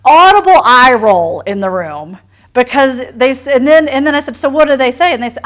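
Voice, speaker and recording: Woman pastor preaching casually, lots of little stories and asides, high voice that jumps around. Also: animated, normal speed, a bit bright. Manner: storytelling with asides and acted-out quotes. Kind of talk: conversational sermon.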